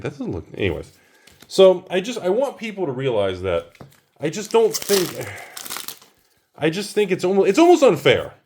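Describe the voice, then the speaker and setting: A man's voice: on the high side, a little mellow, a little hiss or hum. A man hosting a card-opening video, ranting casually and exclaiming over each card he pulls. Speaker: host opening card packs.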